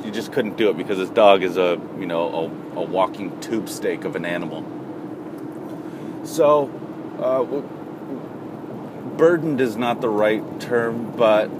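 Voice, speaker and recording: Low-ish guy rambling through a story, traffic hum behind. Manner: rambling, conversational, lots of asides. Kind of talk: casual storytelling.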